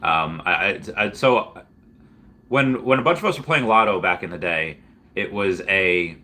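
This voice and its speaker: A man hosting a casual livestream Q&A, rambling and restarting, with sudden excited jumps in pitch. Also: measured pace. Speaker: livestream host answering viewer questions.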